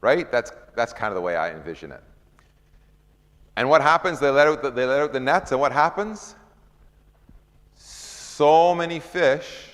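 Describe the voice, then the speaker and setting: A man's voice: fairly low pitch, fairly bright tone. A man leading an informal Bible study, talking conversationally, asking the group questions and acting out scripture scenes. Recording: long hall reverb.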